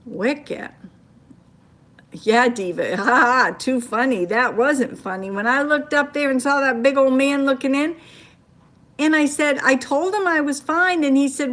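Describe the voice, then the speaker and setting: Speaking at a measured pace in a high, slightly bright voice, this older Maine woman livestreams from her phone. She tells stories and reacts to what viewers write in the comments.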